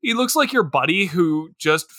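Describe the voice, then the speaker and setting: Man, podcast co-host, high bright voice, animated, laughing, filler words, dry sound. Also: normal speed, dry recording. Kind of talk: casual comedic movie chat.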